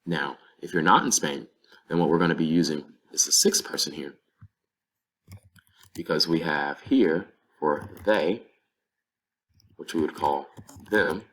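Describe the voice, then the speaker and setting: A man with a very low, deep voice teaches a language lesson. He explains things patiently and step by step, working through example phrases. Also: measured pace, long pauses, fairly bright tone. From North Carolina, USA. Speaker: Spanish teacher.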